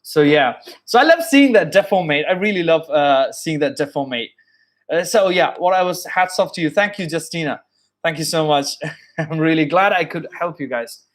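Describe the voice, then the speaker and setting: A man's voice: on the high side, expressive, normal speed. Earnest man with a British-influenced accent. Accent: British-influenced English. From born in Saudi Arabia, studied in India. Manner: earnest, repeats and restates points, many fillers. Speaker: live-stream host and English tutor. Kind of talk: casual live-stream talk.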